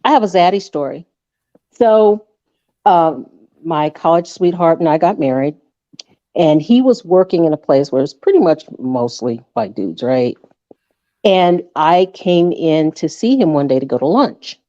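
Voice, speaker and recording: A woman panel guest telling a lively anecdote in casual chat. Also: low-pitched, measured pace, no room sound. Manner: lively, laughing storyteller. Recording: dull dry lo-fi sound.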